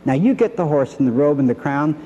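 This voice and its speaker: A man's voice: a little high, expressive, brisk, mellow, big-room sound, lo-fi sound. An older man teaching a Bible lesson, retelling the story and acting out the characters' lines.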